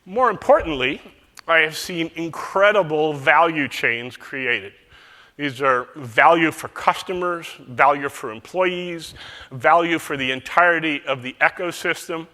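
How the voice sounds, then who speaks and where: Male keynote speaker with a folksy storytelling manner; tense, bright tone echoing through a big conference hall. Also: on the high side, measured pace. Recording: echoey large hall.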